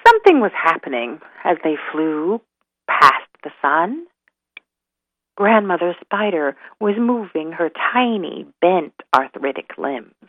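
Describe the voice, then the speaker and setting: A woman telling a folk tale, slow and dramatic in her delivery, heard over a tinny line. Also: fairly low pitch, very animated, dry recording. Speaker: storyteller. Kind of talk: storytelling narration.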